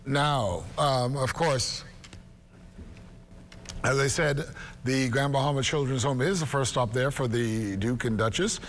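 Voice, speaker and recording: A man anchoring the news from the studio, measured and leading into reports with a few fillers. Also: mid-range voice, fairly bright tone.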